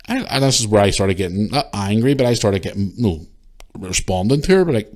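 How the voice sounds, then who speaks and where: Animated ranting man, lively pitch. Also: quick pace. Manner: animated ranting, heavy swearing, jumps high on exclamations. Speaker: podcast host. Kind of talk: casual storytelling podcast.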